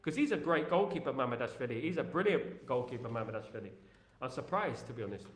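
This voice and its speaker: A man's voice: medium pitch, animated, quick pace, reverberant. Chatty man with a repetitive, joking delivery. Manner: repetitive, joking, leans on filler phrases. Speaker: football fan channel host. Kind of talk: casual live-stream chat reading viewer messages.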